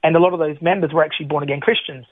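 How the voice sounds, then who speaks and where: A man's voice: a little high, very fast, no room sound. Man, middle-aged, chatty testimony, dry close sound, phone-like line. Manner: animated, chatty, frequent restarts. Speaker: guest. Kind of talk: personal testimony storytelling.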